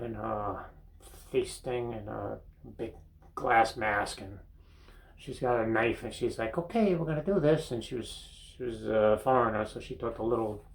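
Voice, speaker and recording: A man's voice: medium pitch, gravelly, poor audio. Older man rambling a toilet anecdote. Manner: rambling, halting anecdote with restarts and chuckles. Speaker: comedy monologue host. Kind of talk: seated storytelling monologue. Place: bathroom, seated on a toilet.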